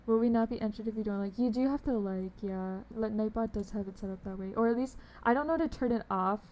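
With a fast, mid-range voice and a darkish tone, a young woman plays a game on stream and talks to chat. She's bubbly and giggly, laughing often, and the audio has a little hiss or hum.

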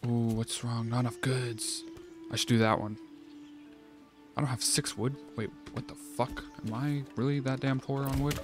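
A man giving casual let's-play commentary, thinking aloud, swearing often and getting excited. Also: medium pitch, moderate pace. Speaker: gameplay streamer. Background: game music.

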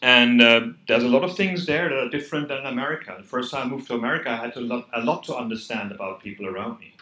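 A man with a German accent gives an earnest, conversational conference talk, pressing his points with sudden bursts of emphasis. His mid-range voice is fast and sharp-toned. The echoey room sounds like an event hall.

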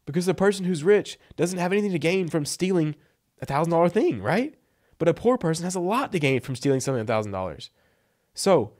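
A man's voice: fairly high pitch, a little mellow. A man giving blunt, emphatic copywriting advice in a casual vlog, tossing in "like" and "right?" as he goes. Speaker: freelance copywriting coach.

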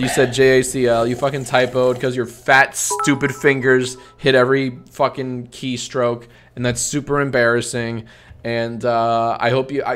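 A young adult man streaming, joking around in comedic banter, swearing constantly with playful mock bravado and breaking into loud heckling boos. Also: medium pitch.

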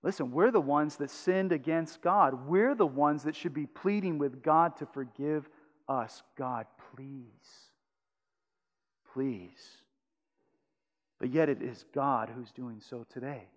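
A high-voiced male pastor preaching in a church sanctuary, his words trailing into a long hall reverb. He swings between loud, urgent pleading and quiet, intimate passages. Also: expressive, measured pace, highs cut off. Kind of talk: sermon.

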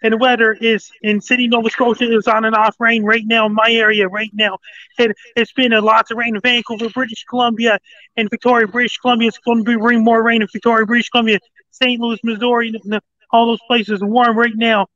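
A man with a very high, bright voice runs through a weather report in a flat, unvaried tone. He stumbles and repeats himself as he lists place after place. The sound is dry and dull, like a lo-fi line. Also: no echo. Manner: halting, repetitive listing of places. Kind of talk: casual call-in weather report.

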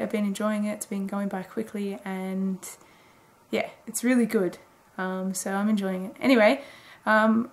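Young woman, daily vlogger, rambling chatty talk, fairly flat melody, mid pitch. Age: 20s. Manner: rambling, chatty, many fillers. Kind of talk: casual late-night video diary.

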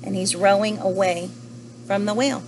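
A young woman teacher reads a children's picture book aloud, pausing gently to ask her young listeners questions. Her voice sits at a middle pitch, and there is a noticeable hiss throughout the recording. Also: fairly even intonation, poor audio. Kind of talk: children's story read-aloud.

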